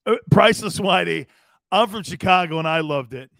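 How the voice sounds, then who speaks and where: A middle-aged man from Connecticut hosting a sports radio show, loud and rambling, laughing and doing voices for his stories. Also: sits high, normal speed, creaky, no echo, clean studio sound. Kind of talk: animated sports talk.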